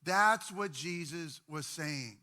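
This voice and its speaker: A man preaching a sermon as pastor, talking in a conversational, animated way with repeated words. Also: fairly high pitch, slow pace.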